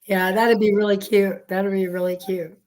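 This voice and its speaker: A woman's voice: mid-range voice, level tone, normal speed, darkish tone. A woman co-hosting a live stream, chatting casually and chiming in with encouraging agreements. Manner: encouraging, frequent short agreements and laughs. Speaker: co-host of a live chat stream. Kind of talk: casual chat.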